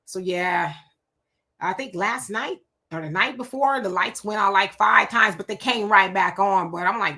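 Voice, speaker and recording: A middle-aged woman hosts a livestream from her home setup. Her voice is bright and clear, with a chatty manner as she reads viewer comments aloud and greets each person by name. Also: medium pitch, measured pace. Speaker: livestream host. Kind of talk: casual livestream chat reading viewer comments. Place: home room. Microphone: home streaming setup.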